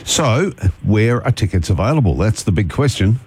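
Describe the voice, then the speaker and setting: A man with an Australian accent hosts a morning radio show, his voice sitting a little low. He chats casually and jokes with sarcastic asides. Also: very animated, normal speed, a little mellow, slightly rough, no echo. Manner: chatty, joking, sarcastic asides. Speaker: radio breakfast show host. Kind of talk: casual radio interview chat.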